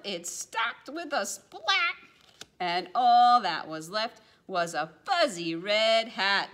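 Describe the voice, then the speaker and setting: A woman librarian reading picture books and rhymes aloud to young children, in a sing-song, expressive way that sometimes drops to a hush. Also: a little high. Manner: expressive sing-song rhyming, dropping to hushed asides. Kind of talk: children's storytime read-aloud.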